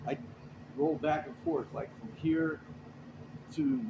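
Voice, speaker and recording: A man's voice: on the high side, measured pace, muffled recording, background noise. A man, a truck driver, telling a road story in a rambling, profane, casual way. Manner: rambling, profane, animated retelling.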